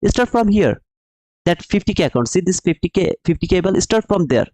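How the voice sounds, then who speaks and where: A man's voice: sits high, expressive, brisk, a little mellow, dry recording, low-quality recording. A man hosting a live trading stream who explains the market emphatically, repeats his points and calls his viewers brother while answering the chat. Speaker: livestream trading host.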